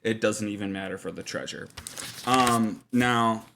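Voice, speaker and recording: A man's voice: fairly low pitch, fairly even intonation, unhurried, vocal fry, pushed and bright, slight background noise. A man giving casual game-master tips in a loose, filler-heavy, mock-serious way. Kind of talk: casual rambling advice.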